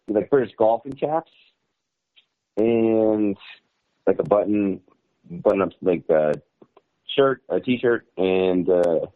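A man telling a story as a journalist guest, rambling with fillers and laughs. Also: fairly low pitch. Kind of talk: casual storytelling on a call-in show. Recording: tinny phone line.

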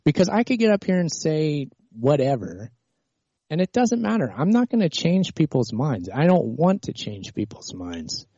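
A man's voice: on the high side, very animated, normal speed, warm tone, husky, dry recording, muffled recording. A man hosting a live talk stream, arguing with a caller and then rambling on, exasperated, with many restarts. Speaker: livestream host. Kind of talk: heated political call-in argument, then rambling monologue.

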